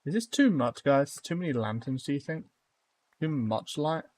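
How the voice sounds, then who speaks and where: A man's voice: fairly high pitch, expressive, moderate pace, a little mellow. A young man live-streaming a building game, chatting casually with viewers and rambling through lots of fillers and restarts.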